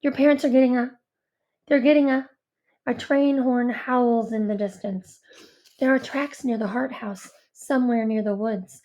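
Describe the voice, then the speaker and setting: A woman narrating a first-person audiobook with a high, light voice. Her delivery is earnest and introspective, with an anxious edge. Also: steady tone, normal speed, mellow, highs cut off.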